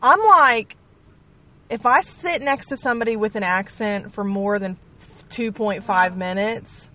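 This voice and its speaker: A woman's voice: medium pitch, a little slow, bright, forceful tone, a little hiss or hum. A woman host with a Kentucky accent asking questions in a rambling, casual way with apologetic asides. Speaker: podcast host. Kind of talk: casual interview.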